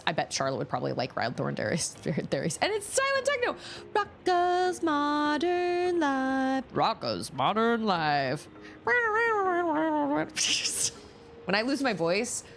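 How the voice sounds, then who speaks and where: A woman's voice: fairly low pitch, vocal fry, fairly bright tone. A woman in her thirties streaming a video game, chatting casually and rambling from one thought to the next. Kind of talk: casual chat while gaming.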